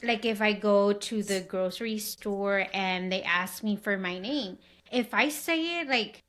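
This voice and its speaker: Woman host, mid pitch, chatty and full of fillers. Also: unhurried, a bit bright. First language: Spanish. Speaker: podcast host. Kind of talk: casual interview chat.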